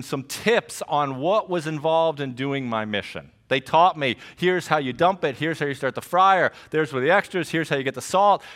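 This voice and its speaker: A middle-aged man preaching a sermon as pastor, telling stories with jokes and lively asides. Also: a little high. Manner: animated storytelling with jokes and asides.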